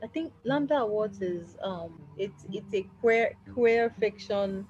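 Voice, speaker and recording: Podcast host: young Nigerian woman, animated and laughing, dull lo-fi sound, faint music behind. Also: mid-range voice, unhurried. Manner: animated, laughing, trailing off mid-sentence. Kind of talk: casual chat about books.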